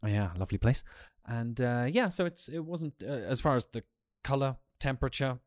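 A man with a southern English accent, hosting a podcast chat with dry humour and measured wording. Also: medium pitch, lively intonation. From southeast England. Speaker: podcast host.

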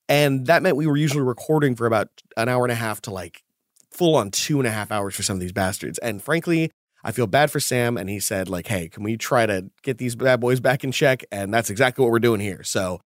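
A man's voice: mid-range voice, dry recording. Chatty game master man, dry close mic. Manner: chatty, candid, laughs often. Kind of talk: casual tabletop podcast chat.

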